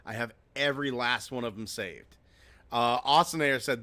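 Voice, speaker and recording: A man's voice: medium pitch, moderate pace, pushed and bright. A man hosting a loose, profane chat show, reading out viewer comments and laughing often. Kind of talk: casual chat.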